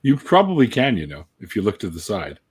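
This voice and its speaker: Low-voiced man hosting a casual live chat. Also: huge pitch swings, fairly quick, darkish tone, breathy edge. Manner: laughing often, casual swearing. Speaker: host interviewing a guest, reading live chat.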